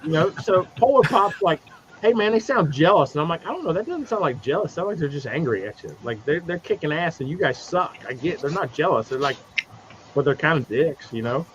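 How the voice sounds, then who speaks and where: A man on a livestream video call recapping a comic book in a profane, animated way, slipping into mocking voices for the characters. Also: a little high, fairly quick. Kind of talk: casual livestream chat. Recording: dull lo-fi stream audio with noise.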